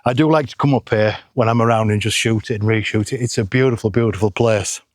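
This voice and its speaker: A middle-aged Englishman vlogs outdoors on a hillside, chatting casually and poking fun at himself. He's a photography vlogger with a fairly low voice who talks fast, and the recording is studio quality with no echo.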